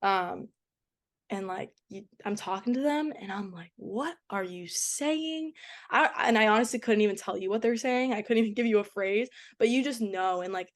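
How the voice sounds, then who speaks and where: Speaking a little fast in a mid-range voice, this young college goalkeeper from around Boston, with a faint accent, is a podcast guest in a relaxed interview. She laughs a lot and fills her talk with filler words.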